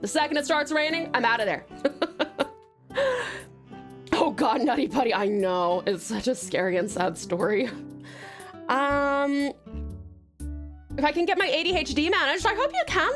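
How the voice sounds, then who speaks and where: Bubbly high-voiced woman streamer. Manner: bubbly, giggly, excitable. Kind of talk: casual live-stream chat.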